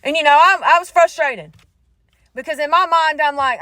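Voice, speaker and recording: A middle-aged woman telling a faith story in a sassy, animated way, talking straight to her listeners. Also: high-pitched, fast talker, dry recording. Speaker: faith vlogger. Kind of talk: casual testimony storytelling.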